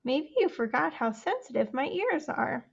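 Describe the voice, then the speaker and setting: A woman's voice: sits high, big pitch swings, normal speed, vocal fry, muffled recording, heavily acted. A woman voicing a fussy male bird with sensitive ears in a storybook, speaking in a prim, complaining way.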